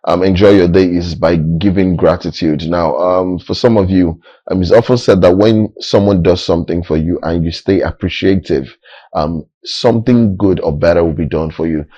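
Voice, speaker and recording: Young Nigerian male TV host, very low and mellow, close and dry, playful ad-libbing style. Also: moderate pace, breathy edge, dry recording, lo-fi sound. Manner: playful, joking banter with many fillers. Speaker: TV show host. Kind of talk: casual TV studio chat.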